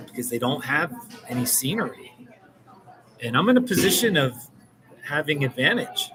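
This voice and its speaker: A man rambles to his camera in a loose, self-mocking vlog and laughs as he goes. His voice sits a little high. Behind him a crowd chatters steadily outdoors. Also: low-quality recording. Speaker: vlogger. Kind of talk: casual vlog monologue. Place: outdoors in a small mountain town with people around.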